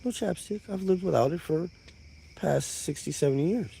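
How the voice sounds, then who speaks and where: A man putting on a high-voiced, vicious old cannibal creature, menacing and whiny. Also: normal speed, vocal fry, dark tone, slight background noise. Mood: dismissive. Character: old male cannibal, flapping skin, vicious.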